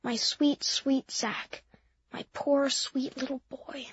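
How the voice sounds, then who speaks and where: A woman voicing a loving grandmother, soft and hushed through tears. Her voice is tender and quiet, heard on a dull, dry, lo-fi recording. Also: high-pitched, moderate pace, dry recording, voice pushed up, lightly acted.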